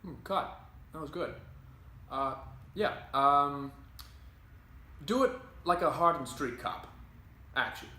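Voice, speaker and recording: A man acting out an offbeat casting director giving rambling, filler-heavy directions. His voice is bright and edgy and his pace is slow. The room echoes, with a faint hiss behind. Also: a little high. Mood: offhand. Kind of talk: comedy sketch acting.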